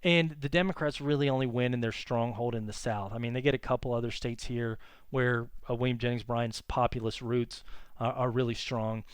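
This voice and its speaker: A male history teacher giving a conversational classroom lecture, full of fillers and quick self-corrections. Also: medium pitch, fairly even intonation, clean tone, dry recording.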